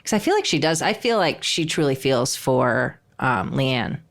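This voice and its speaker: A woman's voice: very deep voice, very animated, a little slow, vocal fry. A woman co-hosting a comedy podcast, musing and gossiping casually with many fillers. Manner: gossipy, musing, lots of "I mean" and "like". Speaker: podcast co-host.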